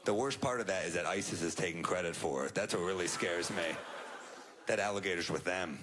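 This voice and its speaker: A young stand-up comedian works a club stage, telling stories in a dry, self-deprecating way. His low-pitched voice is brisk and sits over music, and the live set is recorded with audience laughter in the background.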